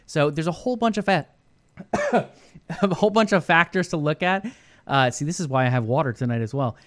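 A man co-hosts an esports news segment and works through each point in a measured, explaining manner. His voice sits a bit high for a man. The recording is dry and close. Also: lively intonation, no echo. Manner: measured, explanatory, asks rhetorical questions. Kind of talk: casual esports news discussion.

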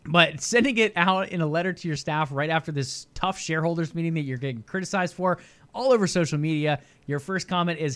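A man co-hosts a casual gaming news stream. His voice sits a little high, and he talks in loose, filler-heavy runs and laughs easily. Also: a little fast, a bit bright, clear, resonant tone. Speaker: podcast co-host.

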